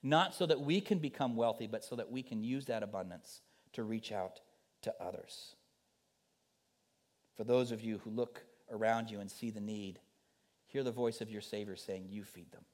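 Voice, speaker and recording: Guy preaching in church, gets loud and pleading then goes real quiet. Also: on the low side, moderate pace. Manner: rises to urgent pleas, then drops to soft quiet lines. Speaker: missionary preacher. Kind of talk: sermon.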